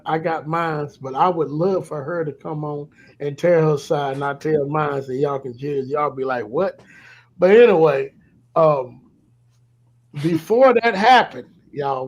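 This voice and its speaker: Husky man telling a candid story. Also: a little high, lo-fi sound. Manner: candid, confessional, trails off softly at times. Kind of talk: casual storytelling chat.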